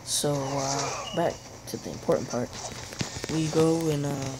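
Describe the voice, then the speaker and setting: A man's voice: mid-range voice, steady tone, a little slow, background noise. A young man tells a casual, rambling story while playing a game, acting out what people said in raised voices. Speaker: gaming video creator.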